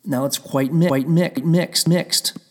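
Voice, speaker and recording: A man's voice: on the high side, fairly even intonation, a little slow, a little mellow. A man telling a heated, rambling story in a casual rant, swearing often and circling back on himself. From Pennsylvania.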